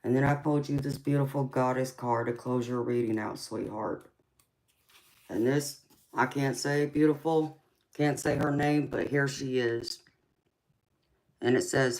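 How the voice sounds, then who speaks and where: A woman's voice: extremely low pitch, steady tone, unhurried, long pauses, a little mellow, low-quality recording. A woman giving a live tarot reading and chatting with viewers, affectionate, calling people sweetheart and honey. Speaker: tarot reader.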